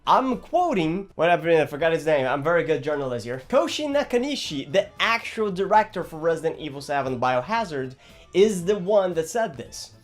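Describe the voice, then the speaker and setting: A young man from Brazil, chatting casually about a video game in an animated, rambling, jokey way. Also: a little high, moderate pace, soft background music. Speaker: gaming vlogger.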